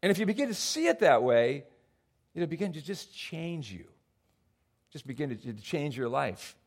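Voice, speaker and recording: A man's voice: fairly high pitch, normal speed. An older man preaching a sermon as a pastor, often repeating words as he restarts and acting out quoted voices. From United States. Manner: animated, acts out quoted voices. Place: church hall before a congregation.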